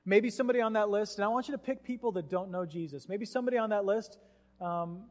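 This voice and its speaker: A male pastor preaching a sermon, telling a story in an animated way and acting out what people said. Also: sits high, fast talker. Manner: animated storytelling with acted-out quotes. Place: church sanctuary. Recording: long hall reverb in a church.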